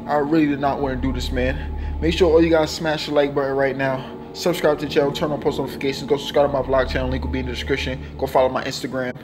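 A young man doing a comedy skit for his channel, loud and dramatic, swinging between pleading and yelling. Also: mid-range voice, little pitch movement, fast talker, background noise. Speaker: comedy vlogger.

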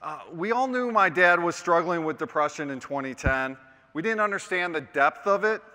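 A middle-aged man, a radio host, telling a personal story on stage with dramatic pauses. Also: fairly high pitch, animated. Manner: dramatic storytelling, quiet and heavy at moments. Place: large conference hall. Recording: hall reverb from a stage.

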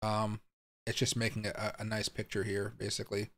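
A young crypto streamer talks in a lowish, monotone voice that's fairly quick and a bit bright. While clicking around, he thinks aloud in confusion, swears, and speaks directly to his viewers in casual live-streamed commentary.

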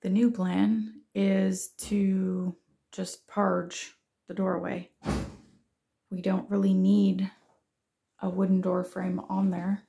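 Woman vlogger, head cold, unhurried and a touch gravelly, chatty. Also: mid-range voice, little pitch movement, mellow. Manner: chatty, laughs easily. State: stuffy with a cold. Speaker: vlogger renovating a house. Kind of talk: casual vlog chat.

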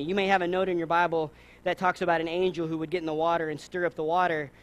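A man with a Southern US accent preaching a sermon, lively, acting out the people in his stories. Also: on the high side, quick pace. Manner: animated, acts out voices in his stories. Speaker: pastor.

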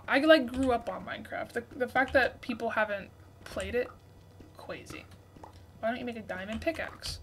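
A woman's voice: fairly high pitch, moderate pace, a little hiss or hum. Young woman streaming a game, chatty. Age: 20s. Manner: reads out viewer messages, thanks gifters excitedly. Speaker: livestream host. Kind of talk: casual livestream gaming chat.

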